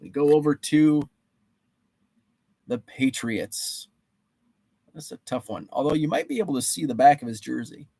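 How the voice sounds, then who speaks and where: A man's voice: on the high side, lively intonation, normal speed, creaky, long pauses, warm tone, no room sound. A man hosting a live stream, running a guessing game with trading cards, reading out viewers' names and answers in a chatty, playful way. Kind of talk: casual live-stream chat.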